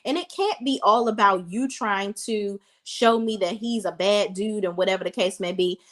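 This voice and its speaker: A woman's voice: medium pitch, moderate pace, fairly bright tone, natural voice. A woman voicing a furious young woman who confronts her betraying friend with exasperated, indignant questions.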